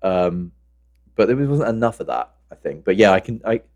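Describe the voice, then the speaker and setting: A man chatting casually as co-host of a movie podcast. He is animated, and his pitch swings widely up and down as he tells stories. His voice sits a touch low. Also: moderate pace. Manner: animated storytelling, lots of fillers. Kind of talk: casual film chat.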